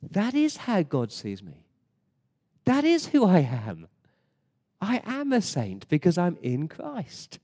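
A man's voice: fairly high pitch, mellow, long reverb tail. An English man preaching a sermon in a church, emphatic, with rhetorical questions and frequent word repeats. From England. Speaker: pastor. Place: church service.

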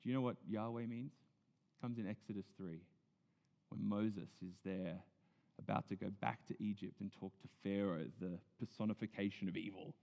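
A male pastor preaching a sermon earnestly, moving between loud emphasis and hushed, near-whispered lines. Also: on the low side, fairly even intonation, normal speed, gravelly. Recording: dull sound in a big reverberant hall.

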